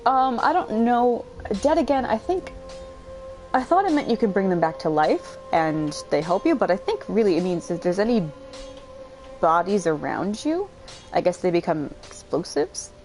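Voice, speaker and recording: A young woman with a slightly low voice talks through a game as she plays. She thinks aloud, trails off and fills pauses with ums while eating dinner. Faint game music plays under her voice. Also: very animated, a little mellow. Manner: thinking aloud, hesitant with fillers. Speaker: gameplay streamer. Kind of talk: casual gameplay commentary.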